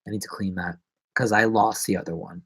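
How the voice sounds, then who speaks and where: A man's voice: lowish voice, steady tone, fairly quick, creaky, a bit bright, husky, no room sound. A man live-streaming from his apartment, chatting in a rambling, jokey, self-mocking way. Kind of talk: casual live-stream chat. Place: apartment in New York.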